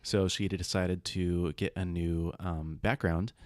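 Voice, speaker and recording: A man's voice: sits low, steady tone, takes it slowly, darkish tone, no room sound, studio quality. A man in his twenties hosting a casual podcast chat, telling rambling side stories full of fillers. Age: 20s. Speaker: podcast host.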